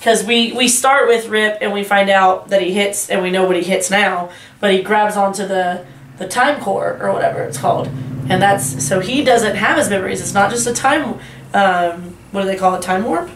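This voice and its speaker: A woman's voice: medium pitch, normal speed. A woman co-hosting a casual TV recap chat, laughing often and restarting her sentences. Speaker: podcast co-host. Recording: echoey room, far from mic, faint hiss.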